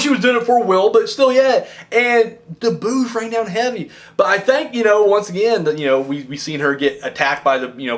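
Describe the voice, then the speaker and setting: A man giving a rambling, casual wrestling review, swearing often and acting out what the wrestlers said. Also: high voice. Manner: rambling, animated, profane, acts out wrestlers' lines. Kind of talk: casual commentary.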